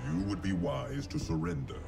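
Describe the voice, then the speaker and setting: An actor playing a menacing armored male Sith lord in a video game, with a deep gravelly voice. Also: big pitch swings, normal speed. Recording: game audio with loud music.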